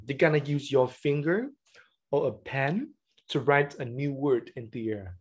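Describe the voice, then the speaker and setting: A man's voice: medium pitch, a little mellow, breathy edge. A man whose first language is Vietnamese, running an online teacher-training session over a webcam and explaining classroom games step by step.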